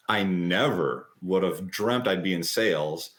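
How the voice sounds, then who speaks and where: A man in his thirties talking as an interview guest, chatty and animated as he retells his story. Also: sits low. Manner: quick, lively retelling with acted-out quotes.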